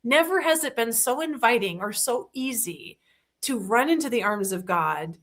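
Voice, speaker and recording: A young adult to middle-aged woman hosting a casual faith chat, talking in an animated way and acting out quoted lines in little voices. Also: a little high, moderate pace. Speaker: host.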